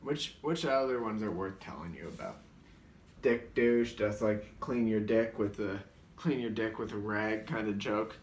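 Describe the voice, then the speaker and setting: A comedian recounts his sketches in casual, rambling storytelling, leaning heavily on "like," restarting sentences often, and briefly mimicking voices. His voice is lowish and measured, with slight background noise and a roomy sound from a distant mic.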